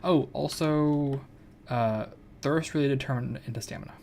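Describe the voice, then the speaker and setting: Gravelly guy rambling about a game, a bit of hiss in the background. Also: medium pitch, unhurried, a little mellow. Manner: rambling, self-correcting. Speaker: streamer. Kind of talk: casual gameplay chat.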